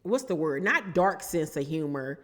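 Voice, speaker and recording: A woman's voice: low-pitched, normal speed, in a large hall. Sassy woman recapping reality TV. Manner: sassy, animated, laughs often. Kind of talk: casual commentary.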